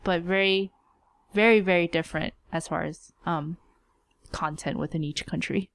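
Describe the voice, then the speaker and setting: A woman's voice: fairly low pitch, fairly even intonation, moderate pace, no room sound. An American woman who is a podcast guest, explaining her thoughts in a hedging, casual way.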